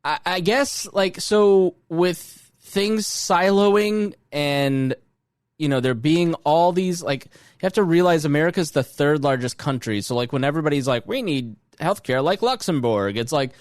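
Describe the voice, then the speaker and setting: A man co-hosting a podcast in casual chat, rambling and animated, swearing freely. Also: fairly high pitch, a little slow, clear, resonant tone, no room sound, clean studio sound. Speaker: podcast co-host.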